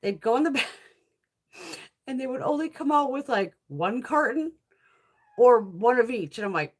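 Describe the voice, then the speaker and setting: Lively, cussing woman vlogger. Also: fairly high pitch, moderate pace, long pauses. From Connecticut. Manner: swears constantly, laughs through her stories. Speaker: beauty haul vlogger. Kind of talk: casual storytelling chat.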